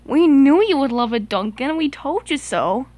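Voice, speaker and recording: A woman's voice: high-pitched, animated, normal speed, a little mellow, dry recording. A woman voicing a cheerful, eager male engine in a homemade toy play, chatty and bossy with his friend.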